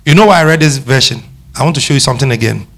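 A man's voice: medium pitch, rapid-fire, fairly bright tone. A man with a Ghanaian accent preaching a sermon, emphatic, firing questions back at the congregation and switching between English and Twi.

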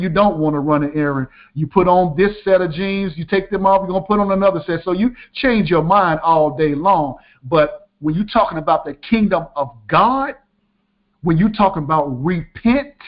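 A male preacher giving a sermon, emphatic and repeating his key lines for the listeners. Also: sits high. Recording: dull lo-fi sound.

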